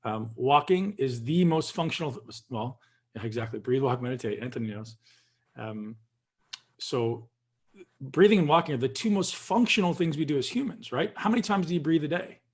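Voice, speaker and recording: Husky guy on a video call, calm and instructive, walking everyone through a breathing drill. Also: medium pitch, moderate pace. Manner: calm, instructive, addresses listeners directly. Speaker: guest leading a breathing practice. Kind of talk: coaching instruction.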